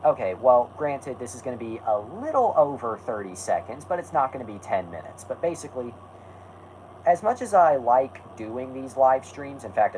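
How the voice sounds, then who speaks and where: A man's voice: mid-range voice, darkish tone, a little hiss or hum, poor audio. A man hosting a live stream, talking casually and rambling, correcting himself and snapping back at his chat.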